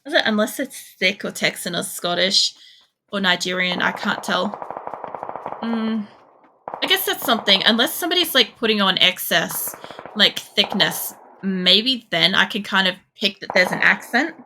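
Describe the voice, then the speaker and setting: A woman's voice: medium pitch, lively intonation, normal speed, bright, forceful tone, a little hiss or hum. A young woman from Poland streaming a shooter game, chatting casually in a rambling way, swearing freely and using lots of fillers. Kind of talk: casual chat while gaming.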